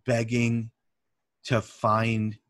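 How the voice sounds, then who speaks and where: A man co-hosting a podcast, talking earnestly and haltingly in casual chat. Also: medium pitch, monotone, no room sound. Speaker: podcast co-host.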